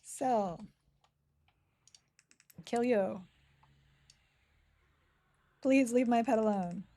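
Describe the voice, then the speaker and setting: A woman whose voice runs on the high side with a dark tone draws out her words as she streams a game. Reading chat, she talks casually, giggles, and teases herself.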